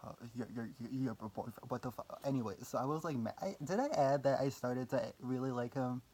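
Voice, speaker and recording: A man's voice: medium pitch, steady tone, a little fast, a little mellow, husky. A young man telling a personal story in a casual vlog, rambling with lots of fillers, swearing casually and making fun of himself. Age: young adult. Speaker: vlogger.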